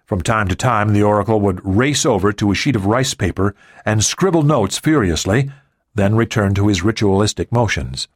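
A male audiobook narrator with a low voice reads in a steady, even way. The recording is dry and close, with no room sound. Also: dry recording. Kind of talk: scripted narration.

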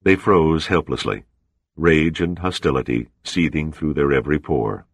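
A man narrating a thriller audiobook in a measured, dramatic reading. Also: extremely low pitch, gravelly, no room sound. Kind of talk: scripted narration.

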